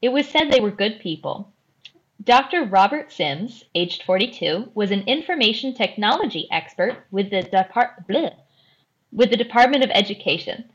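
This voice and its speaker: A woman hosting a podcast and telling a true crime story in a careful, measured way. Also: medium pitch, animated, breathy edge, lo-fi sound. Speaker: host.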